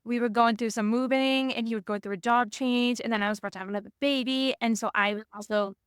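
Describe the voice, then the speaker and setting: A woman's voice: a little high, steady tone, fast, smooth, no room sound, clean studio sound. A woman hosting a podcast, talking in a loose, rambling way with many restarts. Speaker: podcast host. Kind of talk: casual conversation.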